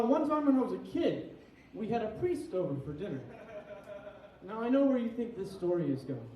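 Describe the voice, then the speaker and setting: A young man with a fairly high voice does a rambling, crude stand-up set, a little tipsy and self-deprecating. He sounds set back from the mic in an echoey room, with a faint hum of ambience behind him. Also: darkish tone. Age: young adult. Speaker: stand-up comic. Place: small comedy venue with an audience. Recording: echoey room, heard from a distance.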